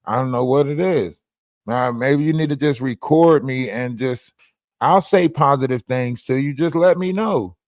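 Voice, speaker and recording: A man's voice: medium pitch, normal speed, a little mellow, no echo, studio quality. A man hosting a livestream, ranting in a repetitive, confrontational way, often asking "you know what I mean". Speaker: livestream host. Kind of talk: rambling livestream rant.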